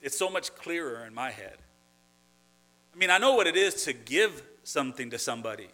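A man's voice: a little high, pushed and bright. A man preaching a sermon, earnest and conversational, who often restarts phrases and builds to emphatic points. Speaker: pastor.

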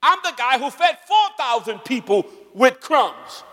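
A man's voice: very high-pitched, big pitch swings, measured pace, pushed and bright, long reverb tail, voice pushed up, heavily acted. A man preaching voices Jesus as a slangy, mock-exasperated figure scolding his disciples.

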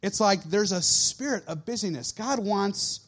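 Animated high-voiced preaching man. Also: unhurried, breathy edge. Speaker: youth pastor. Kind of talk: sermon.

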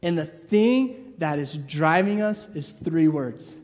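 High-voiced man preaching in a hall. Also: slow pace, few pauses. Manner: lively, acts out crowd voices, casual asides. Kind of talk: sermon.

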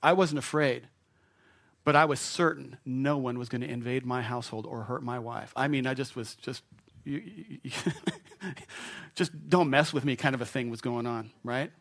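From the pulpit, a middle-aged male pastor tells a personal story in an animated, self-mocking way, chuckling at himself repeatedly. His middle-pitched voice is gravelly and moderately paced, in a storytelling sermon.

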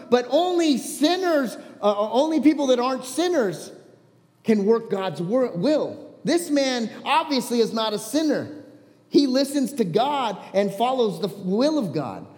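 A man's voice: very high-pitched, animated, moderate pace, long reverb tail, pitched above the performer's own voice. A man voicing a formerly blind grown man who stands up to the leaders, insistent and exasperated. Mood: defiant.

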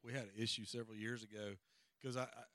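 Middle-aged man, folksy seminar co-presenter, crisp voice, dry close sound. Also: fairly low pitch, little pitch movement, fast, a bit bright, dry recording. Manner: folksy, rambling, audience check-ins. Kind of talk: conversational teaching with personal stories.

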